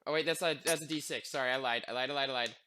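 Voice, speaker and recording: A man's voice: medium pitch, racing, very noisy. A man playing a tabletop role-playing game, joking and talking as his character in first person. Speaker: player. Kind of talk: casual tabletop game play.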